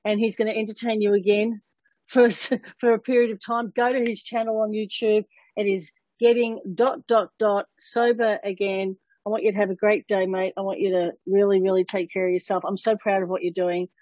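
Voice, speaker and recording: A woman's voice: medium pitch, steady tone, normal speed, darkish tone, dry recording, highs cut off. A woman hosting a podcast, speaking in an upbeat, encouraging way as she wraps up the episode. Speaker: podcast host. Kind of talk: casual podcast chat.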